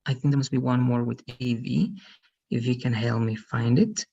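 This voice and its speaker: A man's voice: mid-range voice, moderate pace, vocal fry, dark tone, breathy edge, lo-fi sound. A man teaching English pronunciation on a video call, patient and explaining, checking understanding with frequent questions. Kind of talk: online pronunciation lesson.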